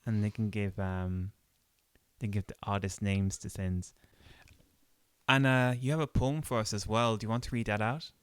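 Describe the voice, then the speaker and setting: Man, podcast host, playful and teasing, clear resonant voice, dry sound. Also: on the low side, fairly even intonation, no room sound. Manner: playful, teasing, quick to joke and laugh. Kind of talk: casual podcast interview.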